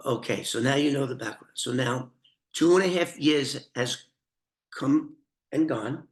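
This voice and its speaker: A man's voice: medium pitch, unhurried. An older man, a former informant, telling a true crime story in a profane, rambling, conversational way. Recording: roomy echoey room.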